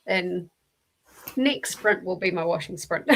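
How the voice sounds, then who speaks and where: A woman's voice: lowish voice, takes it slowly, low-quality recording. A woman with a New Zealand accent hosting a book club stream, chatting casually and telling stories with laughs. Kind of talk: casual chat.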